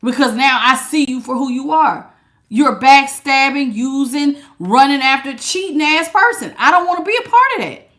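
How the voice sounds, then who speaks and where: A woman's voice: sits high, lively intonation, normal speed, fairly bright tone. A woman giving a casual tarot reading, talking in a sassy, emphatic way with lots of slang. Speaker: tarot reader.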